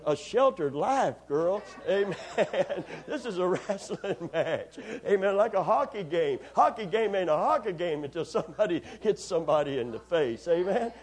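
Folksy husky-voiced preacher man. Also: sits high, darkish tone. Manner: folksy, joking, repeats words. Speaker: pastor. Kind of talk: sermon.

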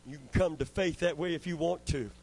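A man's voice: fairly high pitch, fairly quick, a little mellow, slight background noise, low-quality recording. An older man preaching a sermon, telling stories and calling out for amens as he builds to fervent preaching. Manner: storytelling, call-and-response asking amen, rising to fervent preaching.

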